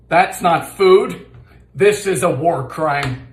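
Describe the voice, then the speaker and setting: A man doing comedic cooking commentary on old recipes in his home kitchen, with deadpan one-liners and ingredients called out in sudden shouts. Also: on the high side, slow pace, echoey room, background noise.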